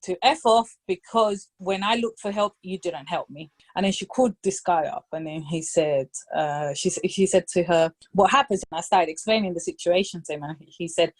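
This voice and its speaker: Animated woman telling a story, phrases. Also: on the low side, brisk, few pauses. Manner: animated storytelling, acts out voices, code-switches to Spanish. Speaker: podcast guest. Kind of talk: casual storytelling chat.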